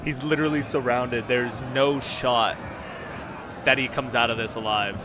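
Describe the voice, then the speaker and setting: A young man giving live gameplay commentary as a streamer, excitable and swearing when frustrated. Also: medium pitch, moderate pace, background noise. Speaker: game streamer.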